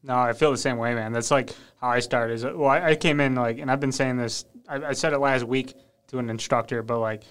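A young man hosting a podcast, speaking in a smooth voice with a laid-back, rambling manner full of filler words. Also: medium pitch, steady tone, a little fast, a bit bright. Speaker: podcast host. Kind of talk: casual interview chat. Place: podcast studio.

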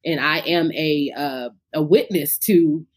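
A woman's voice: deep voice, takes it slowly, breathy edge. A woman in her thirties, a singer talking about her faith and career in a casual podcast interview, speaking with fervor. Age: 30s.

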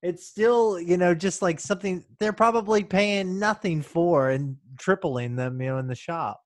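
A man's voice: high-pitched, normal speed. A man with a slightly raised voice co-hosts a casual podcast. He complains in blunt, mocking terms. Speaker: podcast co-host. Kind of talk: casual chat.

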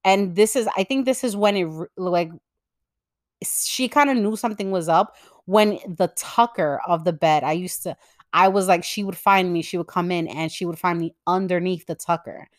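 A woman's voice: fairly low pitch, normal speed, no room sound, studio quality. A young woman hosting a podcast, chatting casually through a personal story with lots of fillers and casual swearing. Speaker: podcast host.

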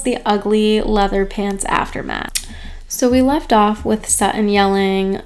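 A woman recaps reality TV in a loose, casual way. She talks with chatty opinion and drops sarcastic asides as she goes. Her pitch sits right in the middle. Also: steady tone, a little slow.

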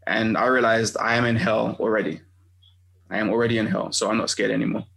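Gravelly-voiced man musing reflectively. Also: fairly low pitch, flat delivery, fast, fairly bright tone, poor audio. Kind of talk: casual chat.

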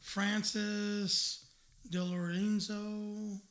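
A man's voice: sits high, little pitch movement, drawn-out words, a bit bright. A man hosting a casual comedy talk show, blunt and profane, rambling with many fillers. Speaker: radio show host.

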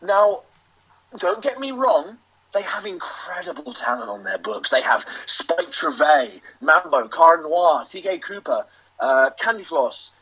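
A British man, a professional wrestler, delivering a grandiose, self-aggrandizing in-character promo with theatrical pauses. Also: a little high, sing-song, sharp tone. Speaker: professional wrestler, interview guest. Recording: lo-fi dull audio.

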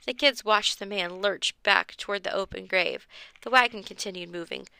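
Woman storyteller for a kids' mystery book, expressive read, bright tone with some fry, dry booth sound. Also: normal speed, no room sound. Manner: expressive, pitches up for the children's lines. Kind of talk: reading a children's chapter book aloud.

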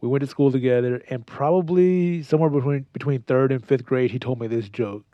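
A man's voice: medium pitch, brisk, dry recording, muffled recording. A man co-hosting a casual chat, rambling through stories and jokes. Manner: rambling, joking, storytelling.

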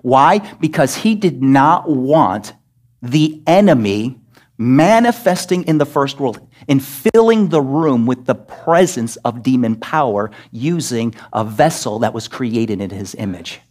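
A pastor delivering an emphatic sermon in a church, scolding and asking rhetorical questions. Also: male voice, mid-range voice, expressive, measured pace, a little mellow. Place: church sanctuary.

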